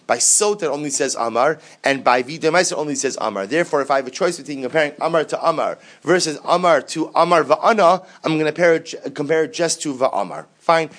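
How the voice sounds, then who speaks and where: A man's voice: medium pitch, fairly bright tone. Man teaching a Talmud class. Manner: explaining, repeats and rephrases points, quotes then translates. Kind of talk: Talmud study lesson.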